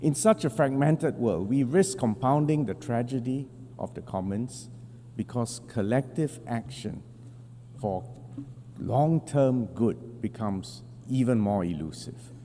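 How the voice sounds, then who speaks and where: A man giving a formal prepared speech to a large assembly, in measured, deliberate phrasing with emphatic stresses, at a podium microphone. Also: medium pitch, expressive, dark tone. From Singapore. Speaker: national representative addressing the General Assembly. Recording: long hall reverb with faint hum.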